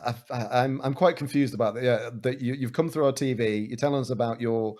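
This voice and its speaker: A man's voice: medium pitch, fairly even intonation, brisk, a little mellow. A man co-hosting a comedy podcast, chatting casually and hesitantly with lots of restarts. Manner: hesitant, full of restarts and likes. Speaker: podcast co-host. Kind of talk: casual chat turning into comedy improv.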